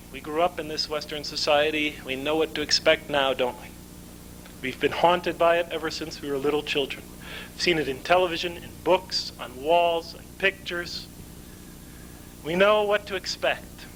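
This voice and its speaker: High, bright-voiced male lecturer. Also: normal speed, slight background noise, rough recording. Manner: asks rhetorical questions and answers them himself. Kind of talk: conference lecture.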